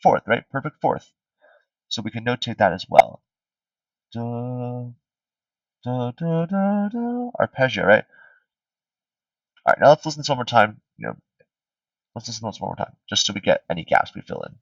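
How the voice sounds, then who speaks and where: A man's voice: lowish voice, lively intonation, brisk, gravelly, pauses often, breathy edge, no echo. A man tutoring music theory in a casual review session. He sings melody fragments on syllables and keeps checking in with "right?". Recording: distant, slightly dull streamed audio.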